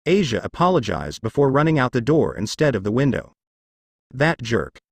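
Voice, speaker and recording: Man reading a fan story, lively pitch. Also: quick pace, gravelly, no echo. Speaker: fanfiction reader.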